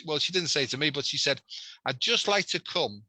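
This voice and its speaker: Bright-voiced Liverpool man, animated storyteller. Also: fairly high pitch, a little fast, no room sound, rough recording. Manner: animated storyteller, chatty asides. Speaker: guest, healer. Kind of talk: casual chat.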